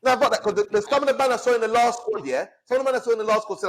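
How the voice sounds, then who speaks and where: Fired-up man, fast and high. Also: fairly bright tone. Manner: angry, swearing, fired up. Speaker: podcast co-host. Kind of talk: heated casual rant.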